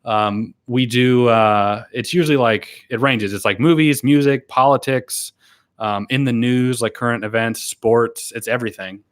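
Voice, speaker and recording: A man's voice: mid-range voice, a little slow. A man chatting casually on a live stream, rambling with fillers and laughs, and earnestly thanking viewers. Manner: earnest and grateful when thanking donors. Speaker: YouTuber hosting a live stream. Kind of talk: casual live-stream chat, reading and answering viewer comments.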